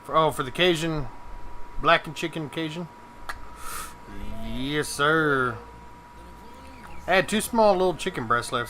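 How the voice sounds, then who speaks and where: A man's voice: on the high side, a little slow, pauses often, sharp tone, slight background noise. A young man chatting casually while live-streaming a game, swearing and joking as he mocks other people. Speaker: gaming streamer. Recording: game music in the background.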